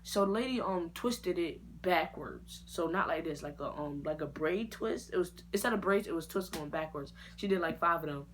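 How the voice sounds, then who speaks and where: A woman vlogger telling a personal story in a casual, slangy and expressive way. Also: lowish voice, moderate pace, hardly any pauses, slight background noise. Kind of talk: story time vlog.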